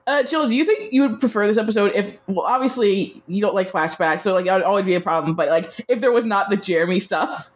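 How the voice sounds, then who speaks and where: A woman's voice: mid-range voice, fast, hardly any pauses. A woman co-hosting a podcast, chatting playfully and laughing while recapping a show. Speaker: podcast co-host. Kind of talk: casual TV recap chat.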